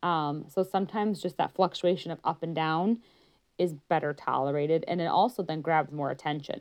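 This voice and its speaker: A woman's voice: deep voice, lively intonation, fairly quick. A woman working as a pediatric therapist gives a conversational educational talk, showing her points by acting out tones of voice.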